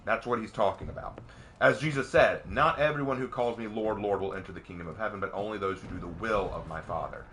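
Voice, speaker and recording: A man streaming live, casually answering viewer questions at length, sometimes ranting with rising excitement and sometimes explaining earnestly with restarts. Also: fairly low pitch, fast, a little hiss or hum. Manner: rants with rising, excited emphasis.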